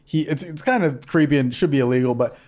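A man co-hosting a podcast in casual chat, animated and profane, laughing often. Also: medium pitch, quick pace. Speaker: podcast co-host.

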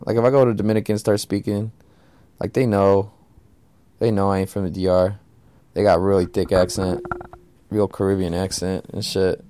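A man's voice: sits low, little pitch movement, normal speed, pauses often, mellow. A man hosting a podcast alone, talking casually in a laid-back, slangy, profane way. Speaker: podcast host. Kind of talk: casual solo podcast monologue.

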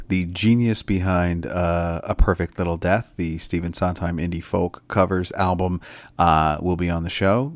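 A man's voice: low-pitched, no echo. Chatty dry-voiced podcast host man. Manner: chatty, emphatic, laughs often. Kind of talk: casual chat.

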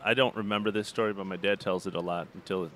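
Low-voiced animated storyteller man. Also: fast talker, a little hiss or hum. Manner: animated storyteller, laughing as he tells. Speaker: podcast cohost, former caddie. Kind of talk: casual podcast storytelling.

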